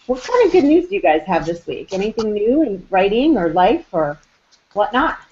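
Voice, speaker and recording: A woman hosting a live online chat show, upbeat and quick to laugh. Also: medium pitch, sing-song, a little mellow, a little hiss or hum. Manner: bubbly, upbeat, laughs easily. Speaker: host. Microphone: video call. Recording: dull lo-fi web call audio.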